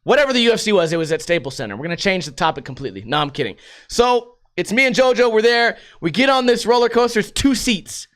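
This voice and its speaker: An American man hosting a podcast, telling rambling stories in a profane, animated way. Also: sits high, fast talker. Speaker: podcast host. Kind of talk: casual storytelling monologue.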